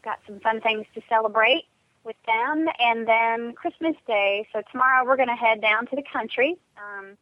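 A bubbly woman who chats fast and gushes, sounding thin and tinny as if calling in by phone. Her voice sits a little high and close to the mic, with no room around it. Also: no room sound. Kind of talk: casual holiday chat.

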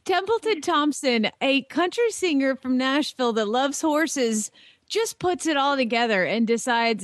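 A woman's voice: high-pitched, animated, measured pace, no echo. A woman co-hosting a radio show, introducing the guest in an enthusiastic, playful way. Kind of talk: casual radio interview.

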